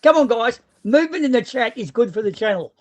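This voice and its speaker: High-voiced Australian man, mocking banter. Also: expressive, fairly quick. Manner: mocking, loud, teasing viewers. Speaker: panelist on a fan stream. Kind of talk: casual banter.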